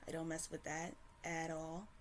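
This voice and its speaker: A woman's voice: low-pitched, monotone, moderate pace, slight background noise. A woman ranting to camera in a casual, heated and profane way, stumbling and restarting often. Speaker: commentator. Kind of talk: casual opinion rant to camera.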